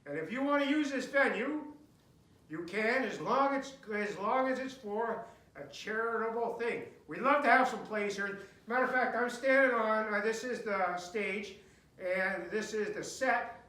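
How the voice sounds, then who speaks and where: A man's voice: high-pitched, unhurried, sharp tone. A man, talking casually and joking on the stage of a barn theater. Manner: jokey, folksy, rambling. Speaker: theater venue owner. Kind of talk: casual rambling address. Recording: echoey room in a barn theater.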